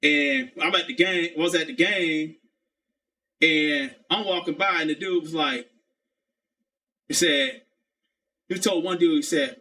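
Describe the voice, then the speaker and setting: Male streamer, casual rambling rant, profane, slightly high voice. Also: normal speed, sharp tone. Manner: rambling, profane, keeps saying "you know what I'm saying". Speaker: live streamer.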